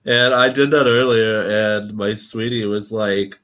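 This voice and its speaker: A man's voice: mid-range voice, fairly even intonation, unhurried, few pauses, pushed and bright. A man hosting his own channel, chatting casually and rambling on a live stream and laughing often.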